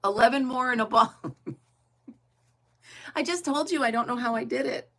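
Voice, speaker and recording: Her voice sits on the higher side and moves at a moderate pace. This middle-aged woman talks to her livestream audience while she crafts, musing aloud in easygoing chatter punctuated by frequent laughter.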